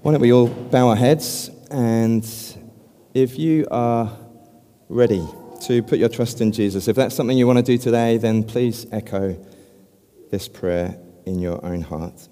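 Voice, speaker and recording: A man giving an earnest evangelistic talk as a preacher, speaking gently and slowing down to lead a prayer. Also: medium pitch, steady tone. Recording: long hall reverb.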